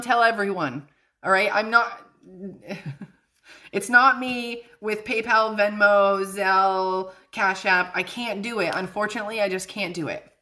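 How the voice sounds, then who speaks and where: A woman's voice: mid-range voice, sharp tone. A young woman hosting a casual livestream as a psychic medium, chatty and bubbly, often laughing as she talks to viewers.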